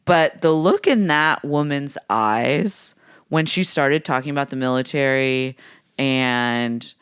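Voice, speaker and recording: A woman co-hosts a podcast in loose, casual chat with a sardonic, blunt edge. Her voice is smooth and clear. It is recorded close and dry. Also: extremely low pitch, slow pace, no echo. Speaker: podcast co-host.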